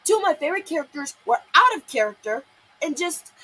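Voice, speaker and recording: A woman's voice: sits high, big pitch swings, fairly quick, pushed and bright, low-quality recording. A young woman giving a solo vlog review of a cartoon episode, exasperated and often apologizing, repeating her points.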